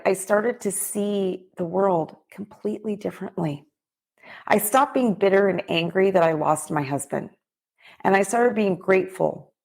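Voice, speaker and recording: A middle-aged woman hosting a podcast, giving a heartfelt motivational talk straight to her listeners. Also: lowish voice. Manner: heartfelt, preachy, direct address to listeners. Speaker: podcast host and business coach.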